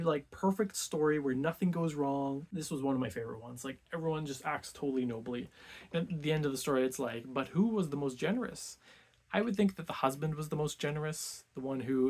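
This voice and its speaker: A man's voice: medium pitch, darkish tone. A man hosting a book club video, casually retelling a classic story in laid-back speech full of "like".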